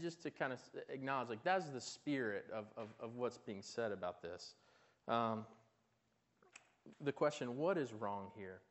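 A man preaching a sermon in a conversational way, asking his listeners questions and often restarting his words. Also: mid-range voice. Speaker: pastor.

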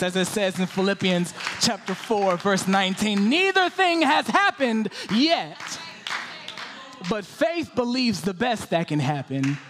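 A man preaching a sermon, swinging from loud pleading questions to hushed whispers. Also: high voice.

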